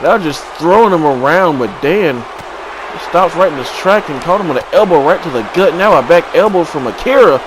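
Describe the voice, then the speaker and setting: A man giving excited play-by-play commentary on a video game wrestling match, swinging from low mutters to sudden shouts. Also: moderate pace. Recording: crowd and game noise behind.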